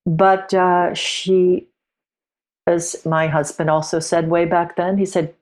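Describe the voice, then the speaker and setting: A middle-aged woman who is a podcast guest, telling a personal story in a reflective, halting way with frequent restarts. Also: lowish voice, level tone, darkish tone.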